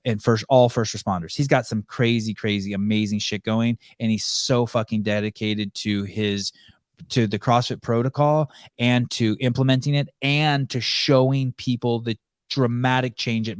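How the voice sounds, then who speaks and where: A podcast host with a mid-range voice tells a story in casual, profane conversation, acting out the quoted dialogue. The studio-quality recording has no echo.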